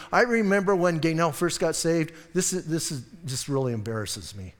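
Pastor, middle-aged man, high-pitched, joking sermon delivery, long reverb of a church hall. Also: normal speed. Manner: lively, joking, acts out quoted voices. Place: church sanctuary.

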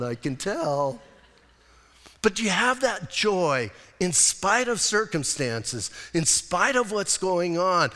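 A middle-aged pastor with a fairly high voice preaches a conversational, storytelling sermon. He pokes fun at himself as he talks. His voice rings with the long reverb of a church hall. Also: sharp tone. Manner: conversational storytelling with self-deprecating humor.

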